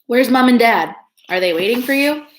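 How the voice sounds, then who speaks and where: A chummy, reassuring bald man, as a woman reading a storybook puts him on, leaning in with friendly concern. He is voiced a little above the reader's own pitch. The sound carries the ring of an echoey room. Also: expressive, moderate pace, a little hiss or hum, close to an everyday voice.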